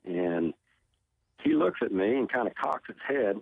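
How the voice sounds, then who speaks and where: A man's voice: fairly low pitch, expressive, a little slow, creaky, no echo. A man from Oklahoma, a guest on a talk show, earnestly telling a personal story and often repeating his words. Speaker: tornado survivor guest. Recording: tinny phone line.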